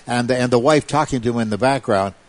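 A guest describing an investigation speaks briskly in a medium-pitched voice, with no echo on the recording. In this casual conversation, he gets animated and raises his voice when quoting others.

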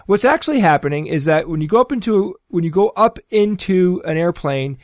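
A man's voice: sits high, expressive, brisk, no room sound, clean studio sound. A man on a talk show, explaining and debunking a claim with open scorn. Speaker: show regular. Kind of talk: casual chat.

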